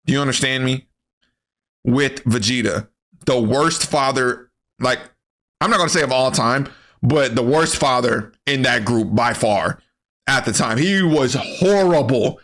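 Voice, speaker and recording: Bright-voiced man on a joking anime rant. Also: medium pitch, measured pace. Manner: animated, profane, joking slang rant. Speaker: anime commentary creator. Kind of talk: comedic anime recap rant.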